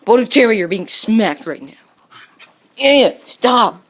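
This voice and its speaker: Woman, slow unhurried talk, playful teasing, repeated scolding, mock growls, home video with a pet dog. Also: fairly high pitch, animated. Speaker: dog owner.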